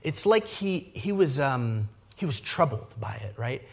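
A man preaching a sermon, retelling scripture in a lively conversational way, often adding asides and briefly acting out the characters' lines. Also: mid-range voice, creaky. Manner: lively expository preaching, frequent asides with "right?"; acts out the characters' lines in quick voices. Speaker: pastor.

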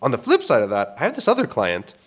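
A man's voice: medium pitch, wildly swooping pitch, fast. A young man hosting a podcast, telling candid stories about clients in a casual, profane way with frequent restarts. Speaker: podcast host. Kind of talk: casual storytelling monologue.

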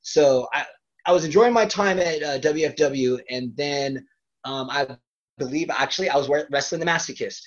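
A man's voice: on the high side, normal speed, lo-fi sound. A man, a professional wrestler, telling stories from his career in a casual interview, swearing freely and laughing at himself. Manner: profane, self-deprecating, laughs often.

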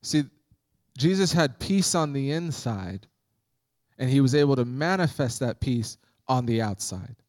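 A man's voice: mid-range voice, lively intonation, measured pace, darkish tone, no echo. A man preaching a sermon as pastor, conversational and humorous, acting out Bible scenes.

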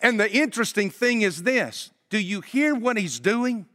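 High, bright-voiced man preaching. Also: animated, normal speed. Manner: conversational preaching with rhetorical questions; addresses congregation directly. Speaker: pastor. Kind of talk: sermon.

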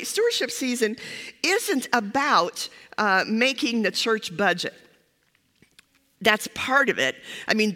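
A woman's voice: fairly high pitch, sharp tone. An older woman, a former pastor, giving a humorous sermon, chatty and self-deprecating with many fillers. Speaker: guest preacher, former pastor. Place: church sanctuary. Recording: church hall reverb.

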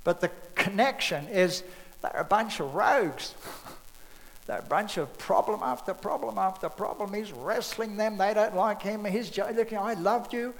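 A man's voice: sits high, measured pace, big-room sound, low-quality recording. A man preaching a sermon in a loose, conversational way, acting out bits of scripture dialogue.

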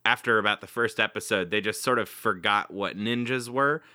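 A man's voice: fairly low pitch, normal speed, sharp tone, smooth, no room sound. Brief: male podcast co-host, laughs easily, hedging restarts, dry close-mic sound. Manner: joking, laughs often, hedges and restarts. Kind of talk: casual chat.

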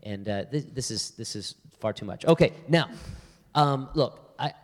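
A man's voice: medium pitch, moderate pace. A male pastor speaks to a live audience in a church hall, his voice sitting in the middle range. He tells stories with energy and acts out both sides of a conversation. The long reverb of the hall hangs behind every line. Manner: animated storyteller, acts out both sides of a dialogue. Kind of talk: church talk with storytelling.

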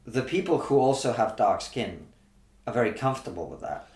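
A comedian from Russia argues his point in a casual conversation, firing off lots of rhetorical questions in an animated, argumentative manner. He is a guest with a medium-pitched voice, speaking a little fast in an echoey room.

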